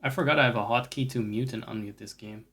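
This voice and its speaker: A man at a middle pitch chats loosely while he plays games on stream. He drifts from topic to topic, swears freely, and pokes fun at himself as he goes. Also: fast talker, a bit bright, breathy edge. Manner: rambling and profane, with self-mocking asides. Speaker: game streamer. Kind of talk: casual chat while gaming.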